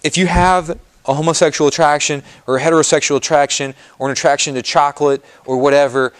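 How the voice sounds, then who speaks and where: A man's voice: on the high side, brisk. A man, a Catholic priest, giving a casual, conversational talk to a parish audience. He repeats phrases for emphasis, checks in often with the listeners and asks them questions. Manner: repeats phrases for emphasis, soothing "just calm down"; asks the audience questions and answers their replies. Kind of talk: parish presentation to a live audience.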